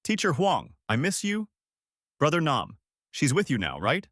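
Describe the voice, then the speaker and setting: A man voicing a grieving young woman teacher who shouts and pleads through tears. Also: fairly high pitch, wildly swooping pitch, unhurried, no echo, studio quality, pitched above the performer's own voice, full character voice. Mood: tearful.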